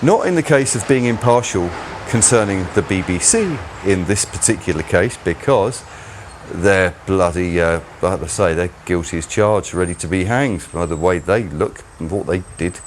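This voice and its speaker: Sardonic man, low lively voice. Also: moderate pace, slight background noise. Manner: sardonic, rambling, mocking. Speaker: channel host. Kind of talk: solo commentary monologue.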